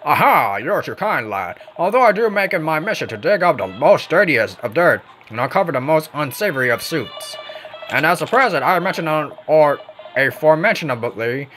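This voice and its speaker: A man's voice: fairly high pitch, animated, a little fast, fairly bright tone, slight background noise. A man doing a pompous chatty reporter. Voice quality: put-on accent. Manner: wordy and pompous, stumbling over long words.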